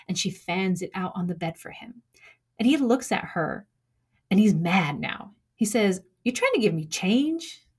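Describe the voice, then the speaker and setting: Husky young woman telling a true story. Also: mid-range voice, darkish tone. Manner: measured, dramatic pauses, acts out quoted lines.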